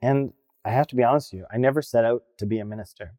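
Earnest non-binary minister, dry sound. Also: male voice, medium pitch, very fast, dark tone, no echo. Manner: earnest, reflective storytelling. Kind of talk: personal sermon.

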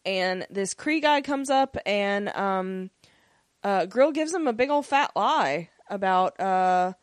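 A woman co-hosting a podcast, chatting casually through an episode recap with lots of fillers and quick acted-out character lines. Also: medium pitch, expressive, no echo, clean studio sound. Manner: rambling, many fillers, acts out character lines. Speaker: podcast co-host.

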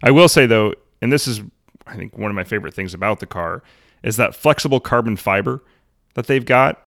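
A man co-hosting a podcast, giving measured opinions in a casual car chat. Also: fairly low pitch, animated, gravelly, fairly bright tone, dry recording, studio quality. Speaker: podcast co-host.

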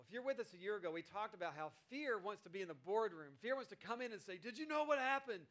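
High-voiced man preaching conversationally. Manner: conversational, animated, acts out quoted voices. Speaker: pastor. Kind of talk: sermon.

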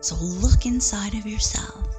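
A woman leading a children's mindfulness lesson from her living room, gentle and playful, sometimes dropping to a whisper. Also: mid-range voice, measured pace, over music. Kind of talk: guided mindfulness lesson for kids.

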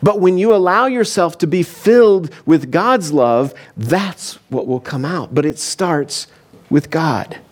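A man's voice: fairly high pitch, lively intonation, takes it slowly. A man preaching a conversational sermon as a pastor, telling the story casually with frequent asides and fillers. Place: church.

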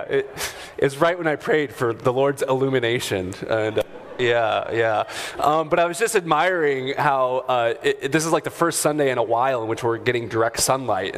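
Male pastor, mid-pitched, chatty sermon delivery, church hall with long reverb. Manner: conversational, chuckling asides, many fillers. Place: church sanctuary.

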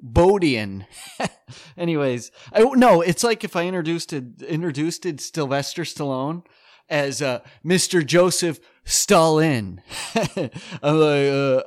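A man's voice: on the high side, animated, takes it slowly, no echo, studio quality. Hesitant, rambling stand-up comic man. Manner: hesitant, rambling, lots of fillers and nervous laughs. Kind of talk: awkward stand-up set.

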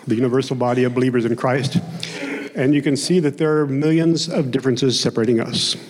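Plain-spoken pastor in a hall. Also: male voice, mid-range voice, a little mellow. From Oklahoma. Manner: conversational, plain-spoken preaching with asides. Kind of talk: sermon. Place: church sanctuary. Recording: long hall reverb in a sanctuary.

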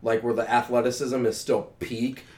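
A man's voice: mid-range voice, little pitch movement, moderate pace, darkish tone. A man, co-hosting a casual sports chat, rambling with lots of fillers as an eager fan. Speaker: podcast co-host.

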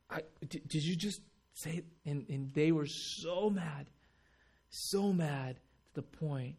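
A man with a slightly high voice delivers a sermon in an animated, dramatic way. He swings between quiet, low-key stretches and sudden loud outbursts as he acts out people's reactions. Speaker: pastor.

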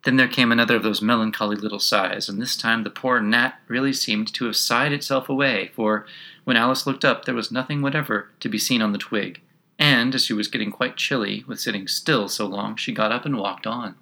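Bright-voiced male audiobook narrator. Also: medium pitch. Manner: measured, expressive storytelling.

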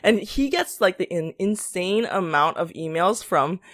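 A woman's voice: lowish voice, unhurried, fairly bright tone. A young woman co-hosting a casual podcast, telling stories full of "like" and acting out what other people said. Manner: chatty storyteller, lots of "like", acts out quotes, laughs often. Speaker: podcast co-host.

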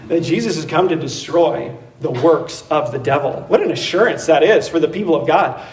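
A man preaching a sermon in a conversational, animated way, laughing and acting out voices as he goes. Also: on the high side, normal speed, far from the mic. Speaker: pastor. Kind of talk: expository sermon.

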